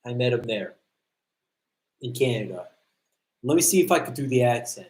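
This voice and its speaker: A man's voice: mid-range voice, expressive, moderate pace, pauses often, darkish tone. Blunt, swearing American man on a livestream. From United States. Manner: blunt, profane, storytelling. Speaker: livestream host, combatives trainer. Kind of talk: casual livestream chat. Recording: roomy echo.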